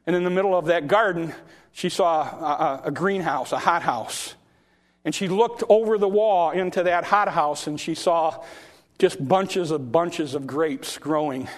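Male preacher, sermon storyteller; higher voice, halting restarts, rising to shouts. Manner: repeats words in restarts, swells loud at high points.

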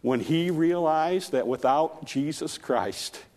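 A man preaching a sermon, retelling scripture as a story with acted-out dialogue, slowing down and dropping softer for emphasis. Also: a little high.

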